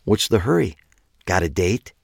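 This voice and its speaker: A man's voice: sits low, sing-song, normal speed, vocal fry, breathy edge, dry recording, heavily acted. A man voicing a sardonic woman police officer who speaks dryly and teases. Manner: dry, sardonic. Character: dry, teasing woman police officer, middle-aged.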